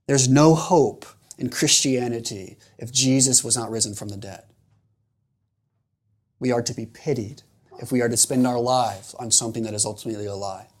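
A man's voice: medium pitch, normal speed. A man preaching a sermon in an earnest, emphatic way, repeating phrases for rhetorical weight.

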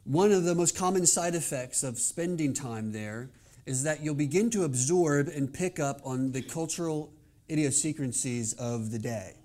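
A male pastor delivering a sermon, opening with a quiet prayer and then speaking in an earnest, measured way. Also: a little high. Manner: earnest, measured preaching with soft prayerful passages.

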